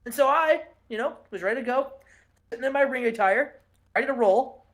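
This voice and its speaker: Man playing a jittery, excitable wrestler, high and loud. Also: a little fast. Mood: frantic.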